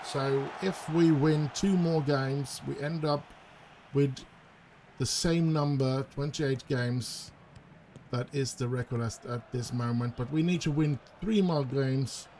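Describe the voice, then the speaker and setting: A man's voice: mid-range voice, takes it slowly, a little hiss or hum. A man casually commenting as he plays a football management game, hesitant and chatty, perking up when chances come. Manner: chatty, hesitant, with bursts of excitement at goals. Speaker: gaming YouTuber. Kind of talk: casual let's-play commentary.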